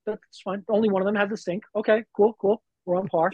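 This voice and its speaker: A man's voice: sits high, fairly even intonation, brisk, mellow, no room sound, dull audio. A man, a wrestler guest on a podcast, telling stories in a laid-back way with lots of fillers. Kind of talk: casual podcast chat.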